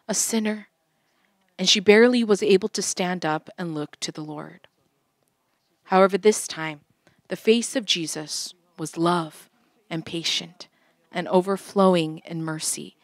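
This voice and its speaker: A woman's voice: fairly low pitch, dry recording, clean studio sound. A woman interpreting a sermon and telling its story in an earnest, heartfelt way.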